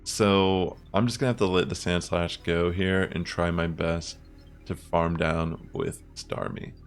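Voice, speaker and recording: A young man talks through his game matches in a casual, thinking-aloud way. His voice sits low with a gravelly fry. Faint music plays underneath. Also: measured pace. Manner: relaxed, chatty, thinks aloud with fillers. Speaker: gaming content creator. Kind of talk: casual gameplay commentary.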